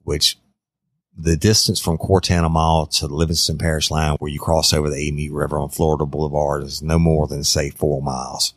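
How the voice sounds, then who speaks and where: A man's voice: very deep voice, level tone, brisk, a bit bright, no room sound, studio quality. A middle-aged man hosting a true-crime podcast, telling the story in a conversational way and talking straight to his listeners. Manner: conversational, addresses listeners directly. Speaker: podcast host.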